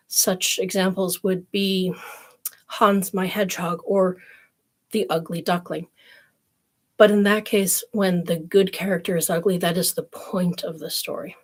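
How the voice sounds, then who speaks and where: A woman's voice: medium pitch, a little mellow. A woman streamer reading fairy tales aloud, breaking off for wry, snarky commentary. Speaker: storyteller streamer.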